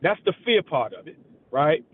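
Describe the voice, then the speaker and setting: Male caller, middle-aged, slightly high voice over a tinny phone line, emphatic. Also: moderate pace, slight background noise. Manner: animated, emphatic fan.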